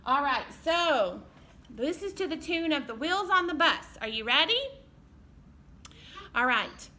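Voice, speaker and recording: Librarian, woman, cheery storytime leader for babies; unhurried and very bright. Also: high voice, lively intonation. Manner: cheery, encouraging, sings and makes animal sounds. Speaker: children's librarian leading baby storytime. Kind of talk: sing-along storytime for babies.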